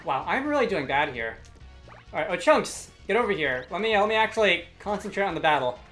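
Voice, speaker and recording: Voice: medium pitch, very animated, fairly quick, fairly bright tone. Chatty let's-play commentator. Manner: rambling, chatty, self-deprecating. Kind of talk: casual video game commentary. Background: game music.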